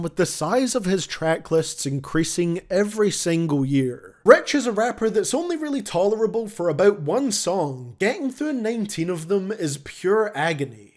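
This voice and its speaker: A man's voice: high voice, a little mellow. A young man delivering scripted, blunt and sarcastic music review commentary as host.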